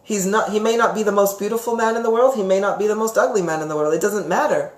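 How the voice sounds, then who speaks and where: A woman teaching about psychic topics on a live stream, chatty and expressive, reading out viewer comments and often asking "right?". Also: medium pitch, fast talker. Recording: roomy echo.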